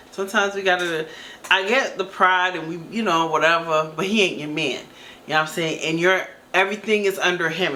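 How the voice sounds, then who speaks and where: Woman, reaction host, bright tense voice, blunt opinions, casual commentary. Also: low voice, slight background noise. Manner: blunt, opinionated, talks straight to the viewer.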